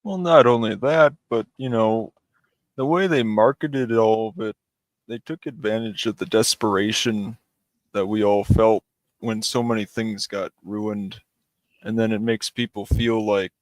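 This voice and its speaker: Slow-talking low-voiced man. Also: steady tone, dry recording. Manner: slow, deliberate, agreeable commentary. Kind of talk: casual call-in chat.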